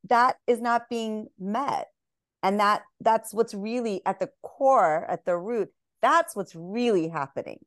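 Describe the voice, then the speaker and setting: A woman guest on a podcast, speaking gently and reflectively and laughing easily. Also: mid-range voice, measured pace, no echo, studio quality. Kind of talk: conversational podcast talk.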